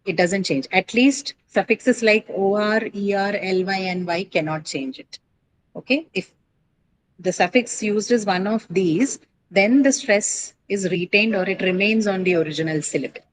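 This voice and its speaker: Woman teaching a lesson, steady "right?" tags. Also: medium pitch, moderate pace, slight background noise, rough recording. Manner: explains patiently, asks questions and tags "right?". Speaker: English teacher. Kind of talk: classroom lecture.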